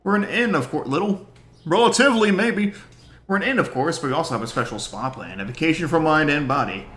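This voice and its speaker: A man voicing an eager, flattering female desert innkeeper who reads game dialogue aloud with gushing, sing-song sales patter. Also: fairly high pitch, brisk. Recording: roomy room with game music.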